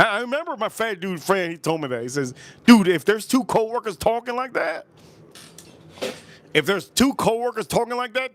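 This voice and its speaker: Lively rambling man on a livestream. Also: medium pitch, dry recording. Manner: rambling, repeats himself, joking asides to chat. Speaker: livestream host reviewing whiskey. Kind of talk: casual livestream chat.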